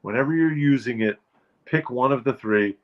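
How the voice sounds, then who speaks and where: A man's voice: medium pitch, normal speed, lo-fi sound. A man hosting a show, delivering a wry, emphatic comic rant about turns of phrase. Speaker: show host. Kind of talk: comic monologue.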